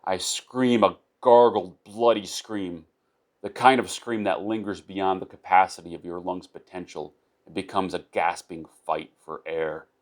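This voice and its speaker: A man with a very low, deep voice reads a first-person story aloud. His delivery is unpolished, with small stumbles, restarts and repeated words along the way. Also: steady tone, unhurried. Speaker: narrator of his own short story.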